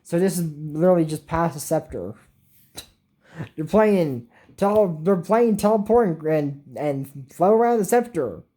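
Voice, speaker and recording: Young woman, low and mellow, lively swings in pitch; chatty recap host who rambles and adds mouth sound effects. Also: a little slow. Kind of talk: casual episode recap.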